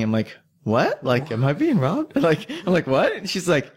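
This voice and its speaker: A man's voice: a little high, wildly swooping pitch, moderate pace, few pauses, breathy edge. A young man telling a long drinking story in casual chat, rambling, swearing and laughing as he goes.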